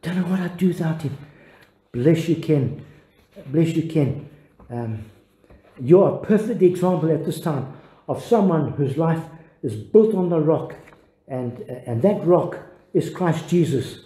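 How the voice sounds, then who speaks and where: An older man preaches a devotional sermon, earnest and halting, often restarting his phrases. His voice is very dark and mellow, pitched a little high for a man. The sound rings in an echoey room. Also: expressive. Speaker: pastor.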